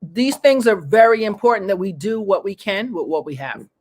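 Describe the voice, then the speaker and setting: A woman from New York hosting a talk show, telling personal stories in a rambling, lively way. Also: mid-range voice, normal speed. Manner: rambling, restarts sentences, lively retelling. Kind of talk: casual interview chat, personal storytelling.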